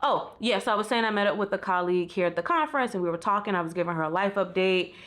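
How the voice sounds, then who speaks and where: A woman's voice: medium pitch, fast, fairly bright tone. A woman talking candidly in a casual vlog, sitting in bed in a hotel room and speaking to a compact camera, with many "like" fillers. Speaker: vlogger. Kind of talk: casual reflective vlog talk.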